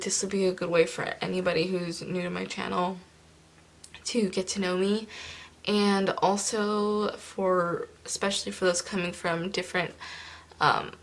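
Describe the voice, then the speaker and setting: A young woman from California with a groggy morning voice, chatting casually while she decorates a planner. She rambles with lots of fillers and drops into soft murmurs now and then. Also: mid-range voice, rough recording. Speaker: planner vlogger.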